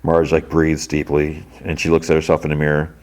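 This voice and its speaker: A man with a very low voice talks through a TV episode, recapping it scene by scene. His delivery is loose and rambling, full of filler words and restarts, like a casual podcast host catching listeners up. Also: monotone, a little fast, a little mellow.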